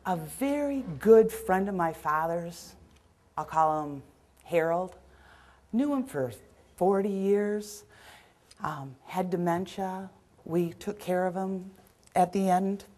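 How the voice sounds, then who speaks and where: A middle-aged woman giving a caregiving seminar, telling stories from her work in an earnest, animated way. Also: on the low side, slow, long pauses. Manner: earnest, storytelling, acts out scenes. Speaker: dementia caregiving trainer. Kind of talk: seminar storytelling.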